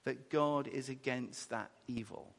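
A man preaching a sermon, animated and halting, acting out horrified cries, with many restarts. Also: mid-range voice, vocal fry. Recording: long reverb of a large hall.

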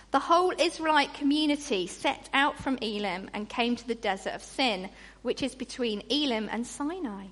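A woman preaching a sermon in an animated way, acting out grumbling voices. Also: on the high side. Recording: long reverb in a large hall.

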